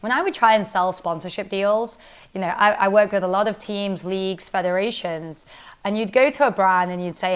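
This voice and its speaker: A woman who founded a company, talking casually in an interview, quick and animated, full of "like" and "literally". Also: mid-range voice, clean tone. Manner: fast, animated, heavy use of "like" and "literally". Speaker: startup founder and CEO, interview guest.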